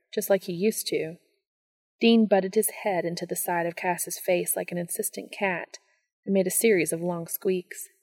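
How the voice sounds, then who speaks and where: A woman narrating a romance story aloud in a calm, soft storytelling manner. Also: fairly low pitch, vocal fry, dry recording.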